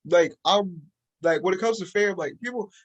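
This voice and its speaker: A man co-hosting a casual sports and music podcast with a fairly high voice. He talks in an animated way and jumps up in pitch when acting out what other people say. The delivery is loose, with plenty of fillers. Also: normal speed, poor audio. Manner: animated, acts out quotes in a raised voice. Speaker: podcast co-host. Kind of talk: casual chat.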